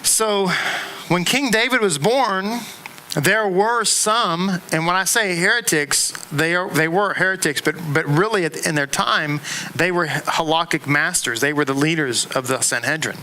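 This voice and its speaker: Animated, bright-voiced man teaching a class. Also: a little high, unhurried, rough recording. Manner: animated, repeats words, asides and jokes to the room. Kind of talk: classroom lecture to a congregation. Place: synagogue classroom.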